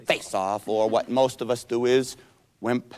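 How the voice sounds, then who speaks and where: A man's voice: medium pitch, fairly even intonation, measured pace, a little mellow. A man giving a self-help seminar lecture in a folksy, playful storytelling manner. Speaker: seminar speaker.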